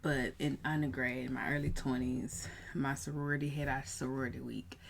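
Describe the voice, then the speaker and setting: A woman in her thirties, a coach, telling a personal story in a casual vlog, animated and prone to rising in excited bursts. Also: a bass voice, normal speed, vocal fry, slight background noise. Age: 30s.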